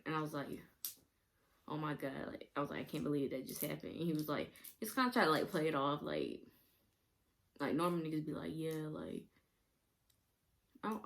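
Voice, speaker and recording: A young woman vlogger rambling through a casual storytime, laughing often and using many fillers. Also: sits low.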